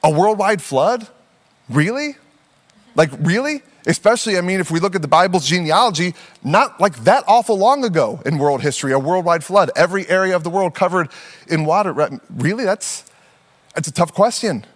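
A man in his thirties preaching a sermon in a conversational, animated storytelling manner, slipping into playful put-on voices. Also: high-pitched, normal speed, big-room sound. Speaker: pastor.

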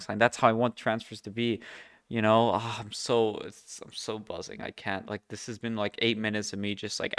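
A man hosting his own football podcast, gushing with excitement, tripping over his words and rambling in his room. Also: lowish voice, clean tone, no room sound, clean studio sound. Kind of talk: excited solo fan chat.

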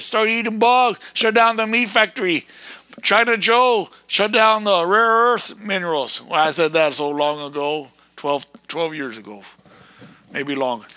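Man, high-pitched, bright tense voice, dry close sound, ranting preacher, sudden shouts. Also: dry recording. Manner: fiery, erratic, with sudden shouted bursts.

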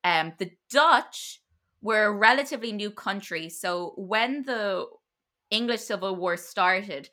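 Woman, bright voice, casual podcast storyteller, chatty, lots of fillers. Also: mid-range voice, lively intonation, takes it slowly. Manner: loose and chatty, with many fillers and restarts. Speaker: podcast co-host telling a history story.

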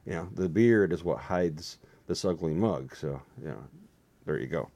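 A man's voice: low-pitched, lively intonation, normal speed, dark tone. A tired man chatting in a meandering, self-deprecating way on his own vlog. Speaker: vlogger. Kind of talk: rambling casual vlog.

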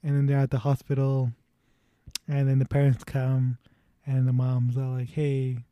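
A man's voice: medium pitch, monotone, normal speed, mellow, no echo. A young man casually retelling a movie plot to friends, rambling, laughing and swearing as he goes.

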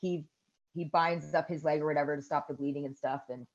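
A woman in her thirties co-hosting a podcast, casually retelling a movie scene by scene, swearing and shrieking the characters' yells. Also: deep voice, brisk, dull audio. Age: 30s. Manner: animated storytelling with loud shrieks and swearing. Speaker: podcast co-host. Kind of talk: casual chat recapping a movie.

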